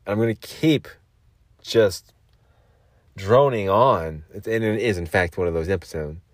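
A man hosts his own podcast in a lowish voice at a measured pace, recorded at studio quality without any room sound. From a makeshift home vocal booth he rambles on, exhausted after a long shift, drifting off his train of thought and circling back to the same points.

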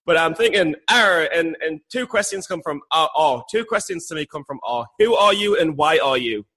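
A man co-hosting a podcast in joking, rambling casual chat that often drops low. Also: animated, normal speed, bright, forceful tone. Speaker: podcast co-host.

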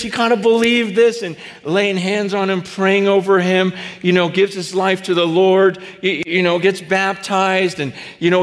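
A pastor preaches a sermon in a conversational, storytelling way full of fillers and restarts, acting out dialogue and at times rising to shouts. His voice is high-pitched, and the hall is reverberant.

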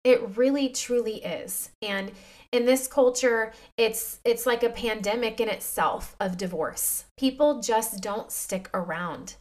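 A woman's voice: on the high side, measured pace. Earnest, emotional woman podcast host. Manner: emotional, confiding, chatty with listeners. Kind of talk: heartfelt faith-based talk.

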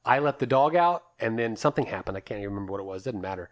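A man's voice: fairly low pitch, expressive, rapid-fire. Man recounting events matter-of-factly. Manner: matter-of-fact, step-by-step recounting. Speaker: podcast co-host. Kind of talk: casual storytelling chat.

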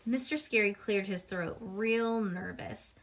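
A woman reading a children's book aloud in a lively way, now and then pausing to chat with a child beside her. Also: mid-range voice. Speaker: reader.

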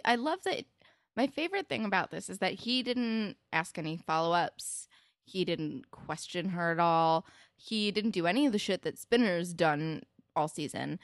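Podcast co-host, woman, low pitch, dry sound, eager, cursing, filler-heavy chatter. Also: no echo. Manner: enthusiastic, swears freely, many fillers. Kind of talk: casual TV recap chat.

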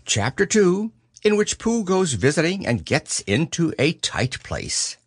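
A man reading a children's book aloud as narrator, in a lively storytelling manner. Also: a little high, a little slow, breathy edge, no room sound, studio quality.

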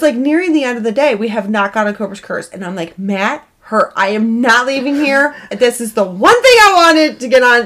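A woman in her thirties, a podcast co-host, telling a family story in a lively, laughing way. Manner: animated, laughing, voice jumps high when excited. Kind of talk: casual storytelling chat.

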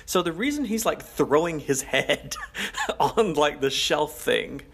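A man's voice: fairly high pitch, very animated, slow pace, fairly bright tone, husky. A man co-hosting a podcast, chatting casually in a rambling way with lots of filler words. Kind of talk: casual chat.

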